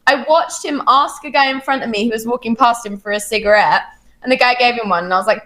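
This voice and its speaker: A woman's voice: a little high, expressive, fast. A woman co-hosting a livestream, chatting casually and laughing while thanking donors. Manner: giggly, reads out donor shout-outs. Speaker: podcast co-host.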